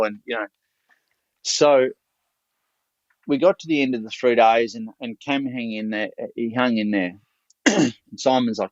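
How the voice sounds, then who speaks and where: An Australian man tells a story as a podcast guest, loose and blunt with a salty edge. His voice sits in an ordinary middle pitch. The recording is dry and a little dull and lo-fi. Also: moderate pace, dry recording. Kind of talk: casual storytelling.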